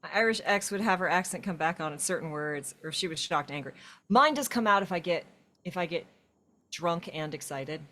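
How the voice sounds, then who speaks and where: A woman's voice: on the low side, brisk. Chatty woman co-hosting a game stream. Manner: chatty, animated storytelling. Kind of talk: casual chat while playing.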